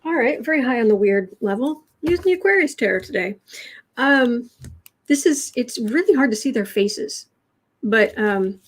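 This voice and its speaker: A woman's voice: on the high side, slightly rough. A woman from the United States hosts a tarot livestream in a casual, chatty way, wandering off into stories. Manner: chatty, digressive storytelling. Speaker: tarot reader, livestream host.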